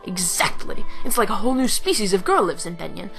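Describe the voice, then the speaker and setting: Brief: boisterous lecherous male mercenary, voiced by a woman, a gravelly swagger. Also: medium pitch, very animated, fairly quick, a bit bright, faint music behind. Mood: leering. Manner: boisterous, leering.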